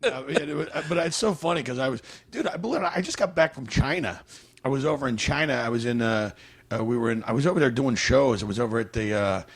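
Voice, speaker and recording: A man's voice: medium pitch, fast talker, breathy edge. A male comedian guest in casual podcast chat, telling long meandering stories. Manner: rambling, meandering storyteller.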